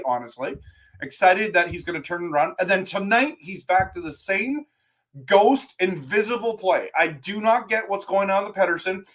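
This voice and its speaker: A man hosting a live stream as a hockey fan, talking in an excitable, ranting way with frequent restarts. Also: high-pitched.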